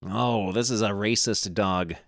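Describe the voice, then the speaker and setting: Low-voiced jokey male streamer. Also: steady tone, a little slow, dry recording, clean studio sound. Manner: jokey, sarcastic asides. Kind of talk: casual game playthrough, reading text aloud.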